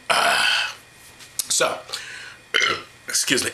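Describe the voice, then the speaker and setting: A man reads passages aloud and mocks them with irreverent, sarcastic commentary. His voice is bright and edgy, and his pitch leaps around wildly as he hums and exaggerates his reactions. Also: sing-song, quick pace, a little hiss or hum. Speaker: host of an atheist commentary series. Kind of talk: sarcastic solo commentary on scripture.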